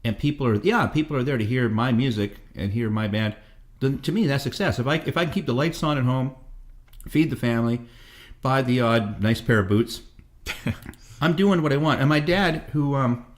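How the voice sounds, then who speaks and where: A man's voice: mid-range voice, normal speed. Rambling man in his fifties. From Canada. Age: 50s. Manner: profane, rambling storyteller. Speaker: guest musician. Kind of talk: casual interview chat.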